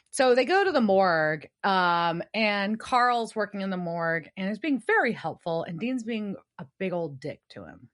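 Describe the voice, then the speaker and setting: A woman's voice: mid-range voice, big pitch swings, a little slow, a bit bright. A woman co-hosting a podcast who recaps an episode casually, swearing freely and acting out the characters' lines. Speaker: podcast co-host.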